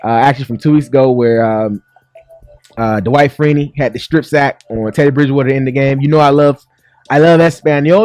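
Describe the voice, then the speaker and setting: A man's voice: medium pitch, fairly even intonation, a little fast, a little mellow, dry recording. A man hosting a sports talk show, joking and chatty, in a studio. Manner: upbeat, joking, laughs often. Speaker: sports radio host.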